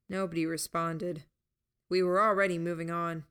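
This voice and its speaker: A woman narrating a first-person audiobook in an unhurried, steady storytelling manner. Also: fairly low pitch.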